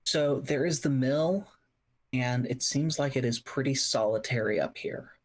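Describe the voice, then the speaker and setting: A game master narrating a tabletop game, setting scenes with slow, descriptive phrasing and pauses. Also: mid-range voice.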